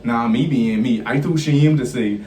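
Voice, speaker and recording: A young man telling a story in a casual, animated way, laughing and swinging his pitch up and down. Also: moderate pace, a little hiss or hum. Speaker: vlogger. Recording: roomy, from a distance off the mic.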